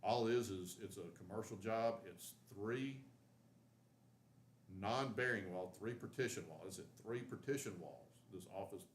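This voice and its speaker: A man with a fairly low-pitched voice, talking casually as a building contractor. He rambles and restarts his sentences often. The sound comes from a roomy, echoey room. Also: normal speed, slight background noise. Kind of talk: casual livestream chat.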